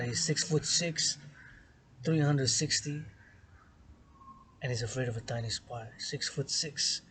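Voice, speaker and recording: Guy vlogging outside, mid pitch, rambles and repeats himself, loud then whispery, lots of outdoor noise. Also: steady tone, a little slow, pauses often, rough recording. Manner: repetitive and emphatic, swinging between loud stresses and hushed whispers. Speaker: vlogger philosophizing to camera. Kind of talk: rambling monologue. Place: outdoors in the sun on an island.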